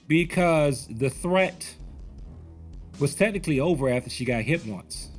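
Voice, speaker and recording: Forties male instructor, animated storyteller with a lively voice, faint music underneath. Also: mid-range voice. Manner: animated, conversational, rambling. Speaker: martial arts instructor. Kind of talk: storytelling commentary.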